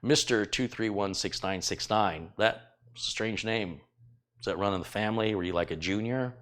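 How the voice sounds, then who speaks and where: A middle-aged man with a fairly low voice, talking casually to a live audience from his kitchen. He rambles with fillers and gently teases viewers as he thanks them. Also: normal speed. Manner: chatty, teasing, rambling with fillers. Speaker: tech YouTuber hosting a live stream. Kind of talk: casual live-stream chat reading donations. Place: home kitchen.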